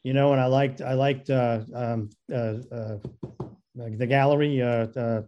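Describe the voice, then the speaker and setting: A man's voice: medium pitch, fairly even intonation, unhurried, highs cut off. A man telling a long anecdote in casual talk, stammering and repeating words as he acts out what others said. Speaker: guest storyteller.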